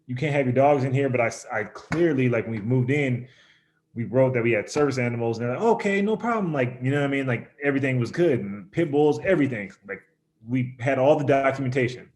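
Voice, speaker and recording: A man's voice: medium pitch, fast, a little hiss or hum. Laid-back man telling a rambling story. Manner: relaxed, rambling, full of fillers, acts out quotes. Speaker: professional baseball pitcher, guest. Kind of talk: casual storytelling.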